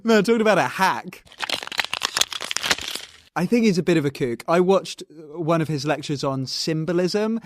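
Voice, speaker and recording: A man's voice: on the high side, lively intonation, moderate pace, long pauses. A man co-hosting a comedy podcast, chatting in a jokey, casual way. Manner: jokey, slips into silly put-on voices. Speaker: podcast co-host.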